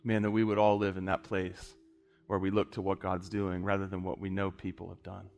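A man's voice: low voice, completely flat delivery, a little fast, vocal fry, darkish tone, faint music behind. A man preaching an impassioned sermon, pressing his points with repeated phrases.

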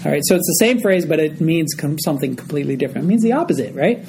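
A man's voice: on the high side, lively intonation, racing, darkish tone, slight background noise, poor audio. A man teaching a group Bible study, explaining a passage verse by verse and often checking in with his listeners.

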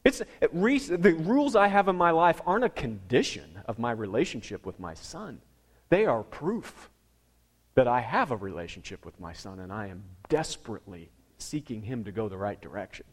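A middle-aged man preaching a sermon as a pastor, telling stories with dramatic swings from loud to hushed. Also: medium pitch, big pitch swings, moderate pace.

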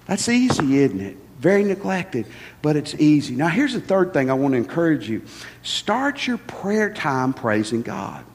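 A man's voice: a little high, very animated, normal speed, in a large hall. A middle-aged man preaching a sermon as pastor, folksy and joking, often repeating words as he starts a thought. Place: church sanctuary.

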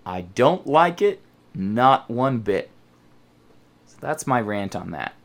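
A man with a medium-pitched voice and a slow pace hosts a football podcast, ranting in a casual, animated, profane way. Now and then he mocks the way other people talk, imitating their voices.

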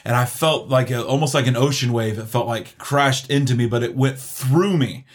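Man, middle-aged, earnest, halting, personal testimony. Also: mid-range voice. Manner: earnest, halting, many restarts. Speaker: guest sharing testimony.

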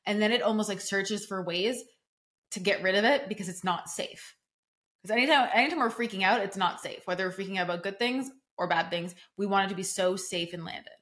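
A young woman talks through her solo podcast in an easy, casual way, leaning hard on key words and dropping "like" often. Her voice sits at a middle pitch for a woman. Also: fairly quick, fairly bright tone. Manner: casual, emphatic, fillers like "like", acts out quoted reactions. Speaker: podcast host and coach.

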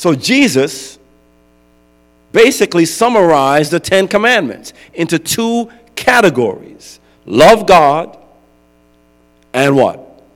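A man's voice: a little high, sing-song, slow pace, long pauses. A male pastor preaching a sermon in a conversational way, often asking his congregation "right?". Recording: long hall reverb with mains hum.

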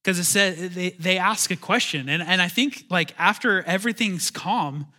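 Male pastor with a fairly high voice, casual and animated, restarts often, preaching in church. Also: moderate pace. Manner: conversational, animated, self-interrupting, chuckling asides. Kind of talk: sermon.

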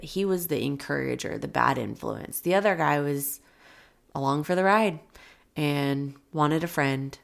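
A woman's voice: low-pitched, vocal fry. A woman hosting a motivational podcast, telling a personal story in an earnest, encouraging way. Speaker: podcast host.

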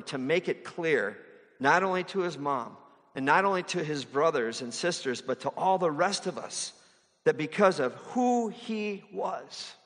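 A man preaching a sermon in a fairly high voice. He talks in a conversational way and often asks rhetorical questions. His voice rings with the long reverb of a large hall. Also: fairly bright tone.

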